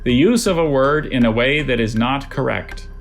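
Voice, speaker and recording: A spelling bee pronouncer reads words and definitions over a video call. The delivery is deadpan and the voice sits in a middle range, with faint music underneath. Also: mid-range voice, normal speed.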